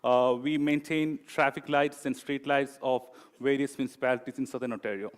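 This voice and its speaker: A man presenting as a project manager in a corporate talk, pausing often with fillers. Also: mid-range voice, steady tone. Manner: hesitant, many fillers.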